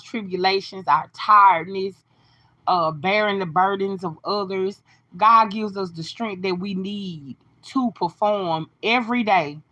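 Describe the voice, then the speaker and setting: A woman's voice: mid-range voice, sharp tone, muffled recording. A woman hosting a casual phone live stream, greeting viewers by name and giving encouraging, sermon-like talk. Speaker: livestream host.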